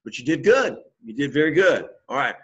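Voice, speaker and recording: A man's voice: mid-range voice, very animated, fairly quick, muffled recording. A man teaching a Greek class, explaining patiently and checking in with "okay?" after each point. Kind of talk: classroom lesson.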